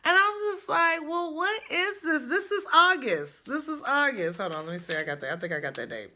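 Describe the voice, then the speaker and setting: A woman telling a personal story in a chatty, animated way, jumping high with excitement in places. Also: brisk.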